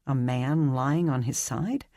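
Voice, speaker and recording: A narrator reading a dark fantasy novel aloud with a measured, even storytelling delivery. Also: medium pitch, no room sound, studio quality. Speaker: audiobook narrator. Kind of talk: scripted audiobook narration.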